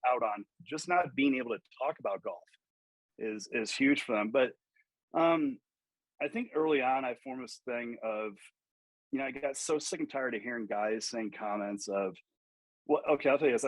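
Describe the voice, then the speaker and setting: A man's voice: mid-range voice, no room sound, poor audio. A man who coaches golf, telling stories animatedly in a podcast interview, acting out quotes and swearing freely.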